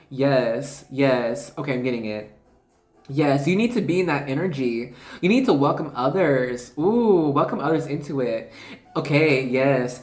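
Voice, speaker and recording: A woman giving an intuitive card reading to viewers, chatty and excitable, often trailing off and correcting herself mid-thought. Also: low-pitched. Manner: addresses viewers casually as y'all. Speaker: tarot reader. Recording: echoey room with faint music.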